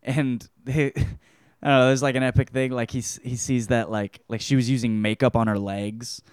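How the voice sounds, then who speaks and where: A man's voice: mid-range voice, little pitch movement, normal speed, clear, resonant tone, dry recording, studio quality. A man hosting a podcast who gives a rambling, crude and profane book review. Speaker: podcast host.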